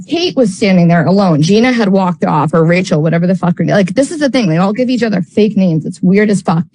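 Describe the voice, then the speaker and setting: A woman's voice: medium pitch, mellow, poor audio. A woman in casual storytelling, rambling with lots of filler words and blunt, frequent swearing. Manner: rambling, heavy use of "like" fillers.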